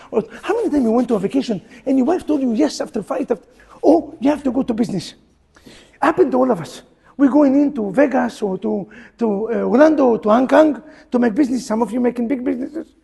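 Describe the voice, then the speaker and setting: A middle-aged man, a rabbi, teaching a humorous class in a synagogue in broken English, firing off rhetorical questions and loud bursts. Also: very high voice, vocal fry, slightly rough. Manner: jokey, full of rhetorical questions, bursts into loud quoted rants; broken non-native English grammar. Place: synagogue hall.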